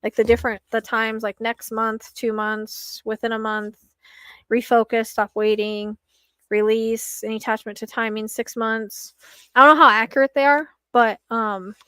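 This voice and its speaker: A woman's voice: on the high side, level tone, normal speed, sharp tone, smooth, dry recording. A young woman hosting a late-night psychic live stream from home, rambling with lots of fillers and sounding a little anxious.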